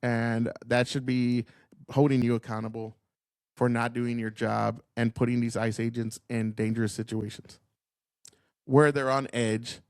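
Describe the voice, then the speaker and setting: A man's voice: mid-range voice, level tone, a little slow, darkish tone, no room sound, clean studio sound. A man hosting a political commentary stream, ranting in an angry, profane, combative way.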